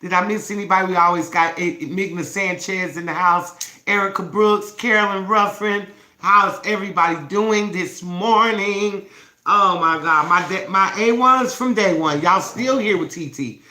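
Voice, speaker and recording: A woman's voice: medium pitch, normal speed, sharp tone. A woman hosting a casual morning livestream on her phone, playful and affectionate, calling her viewers babies. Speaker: self-love challenge host. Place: indoor room with candles. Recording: echoey room with faint background noise.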